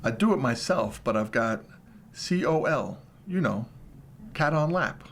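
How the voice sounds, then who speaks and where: A man's voice: mid-range voice, lively intonation, a little slow, fairly bright tone, a little hiss or hum. A man reading aloud the lines of a wry older woman from a comic strip, matter-of-fact on the phone.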